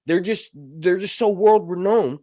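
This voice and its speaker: A man hosts a casual livestream Q&A, rambling through fantasy lore, swearing casually and often asking "right?" His voice sits high and mellow at a measured pace, with studio-quality sound and no echo.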